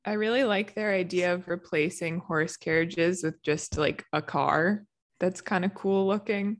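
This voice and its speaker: A woman's voice: on the low side, a little slow. A woman co-hosting a podcast in casual chat, giggly and wry. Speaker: podcast co-host.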